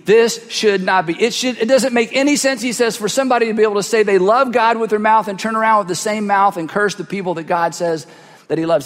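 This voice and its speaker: A pastor delivering a sermon through a cheek-worn headset mic, swinging from loud bursts to hushed asides as he acts out voices. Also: very high voice, big-room sound. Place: large church hall.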